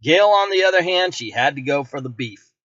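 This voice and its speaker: A man giving a relaxed, conversational voice-over food review, with self-corrections along the way. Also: fairly high pitch, a little fast, a little hiss or hum. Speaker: vlogger host. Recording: dry, muffled lo-fi voice-over.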